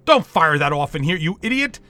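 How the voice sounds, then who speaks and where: A man's voice: medium pitch, lively intonation, normal speed, a bit bright. A man voicing a tired, fatherly male doctor who speaks matter-of-factly. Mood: urgent.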